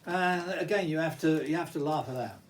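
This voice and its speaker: A man's voice: a little high, a little fast. An older man talking to camera in a rambling personal monologue, reminiscing with frequent restarts and fillers. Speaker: vlogger.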